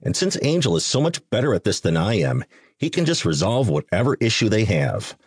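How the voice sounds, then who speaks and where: Male narrator playing a curt vampire king, husky and low, impatient with his duties. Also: sing-song, brisk, no echo, studio quality. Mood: exasperated. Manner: blunt, curt and exasperated.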